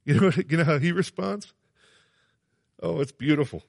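A man's voice: fairly high pitch, moderate pace, vocal fry, a little mellow, dry recording, clean studio sound. A man preaching a sermon, earnest and emphatic, repeating phrases and asking his listeners questions.

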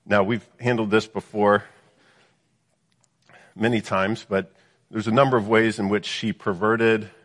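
Low husky preacher in a reverberant hall. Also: male voice, fairly bright tone. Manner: reads scripture then explains it, with frequent rhetorical "right?" questions. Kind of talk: Bible teaching sermon.

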